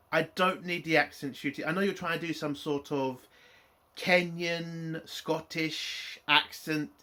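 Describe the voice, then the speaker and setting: Male reviewer, fairly high and bright voice, blunt and sweary, casual delivery. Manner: blunt, opinionated, swears freely.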